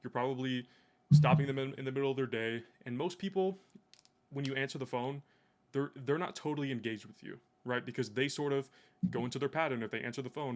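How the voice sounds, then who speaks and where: A young man talks shop with a coworker at a middling pitch, swearing freely and hammering his points home with blunt examples. His talk is loose and conversational, full of restarts. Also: fast talker. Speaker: sales rep. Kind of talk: casual chat.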